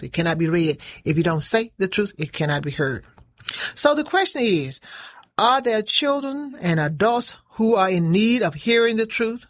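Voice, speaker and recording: A woman giving a motivational radio talk, preaching and repeating lines for emphasis. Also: fairly low pitch. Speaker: community program leader.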